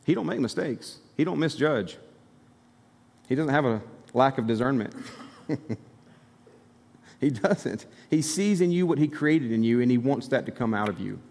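A man's voice: medium pitch, lively intonation, moderate pace, vocal fry, long pauses, darkish tone. A man from Alabama preaching a sermon as pastor, in a conversational, emphatic style with asides to the congregation. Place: church sanctuary. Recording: long hall reverb from the sanctuary.

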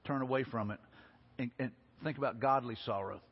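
A man preaching a sermon, telling stories in a folksy, animated way. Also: mid-range voice, brisk, breathy edge. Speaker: pastor. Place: church sanctuary. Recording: lo-fi recording with long hall reverb.

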